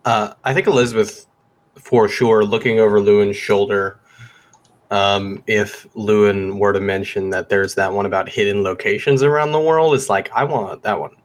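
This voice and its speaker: A man's voice: lowish voice, steady tone, moderate pace. A man playing in a tabletop game, chatting casually, easygoing and joking as he speaks for his character. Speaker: player.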